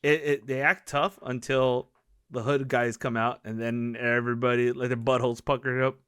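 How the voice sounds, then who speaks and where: Animated young man telling a story. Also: medium pitch, moderate pace, smooth. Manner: animated, acts out other people's voices in quotes. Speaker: podcast co-host. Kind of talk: casual storytelling chat.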